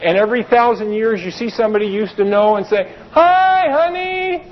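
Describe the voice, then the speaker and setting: A man's voice: sits high, fairly even intonation, fast, muffled recording. A man preaching a sermon, reading Bible verses and explaining them in a conversational way with plain asides. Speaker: pastor.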